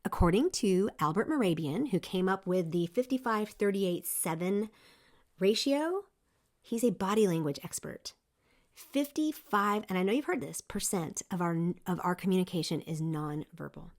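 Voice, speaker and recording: A middle-aged woman hosting a leadership podcast, giving an emphatic, lively motivational talk with frequent restarts. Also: medium pitch, normal speed. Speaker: podcast host. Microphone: seen on video, single speaker.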